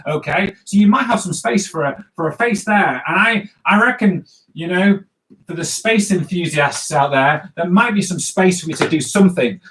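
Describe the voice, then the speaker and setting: A man's voice: high-pitched, a bit bright. A man giving a live comic drawing lesson, playful and jokey, talking straight to the viewers as he draws. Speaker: comics teacher.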